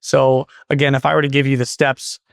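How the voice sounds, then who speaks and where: A man's voice: mid-range voice, monotone, fairly quick, gravelly, clean tone, no echo, studio quality. A man in his thirties from Portland, Oregon, a guest on an interview show, telling stories casually, rambling and correcting himself as he goes. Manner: rambling, self-correcting, acts out quoted dialogue. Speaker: guest, garage door business owner.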